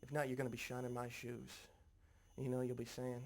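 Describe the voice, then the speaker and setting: A man's voice: medium pitch, monotone, a little fast, creaky, lightly acted. A man playing a boastful, contemptuous sales boss who bullies his staff in a film scene. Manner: contemptuous, bullying. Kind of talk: film acting.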